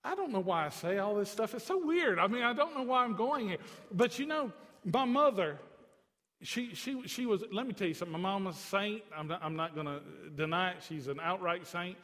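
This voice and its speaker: A man preaching a sermon in a folksy, joking way, swinging from soft to emphatic. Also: high voice, expressive, a little fast, in a large hall. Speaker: pastor.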